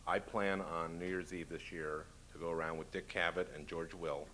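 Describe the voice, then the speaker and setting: Joking man with a halting delivery, noisy recording. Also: low voice, steady tone. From Minnesota. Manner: dry, joking, halting with many "uh"s. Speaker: author speaking at a talk. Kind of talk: comic Q&A talk. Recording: noisy lecture-hall recording.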